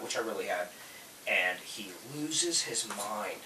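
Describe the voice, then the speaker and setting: Man, low voice, bright and forceful, animated storyteller, echoey room, distant mic with faint hiss. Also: moderate pace. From Florida. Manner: animated, acts out quotes loudly. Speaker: podcast host, tool truck dealer. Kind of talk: casual storytelling chat.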